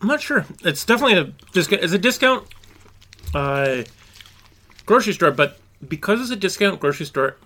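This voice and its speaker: Man, podcast co-host, laid-back casual chat, bright edge to his voice. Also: high voice, sing-song, brisk. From Canada. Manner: laid-back, brief replies.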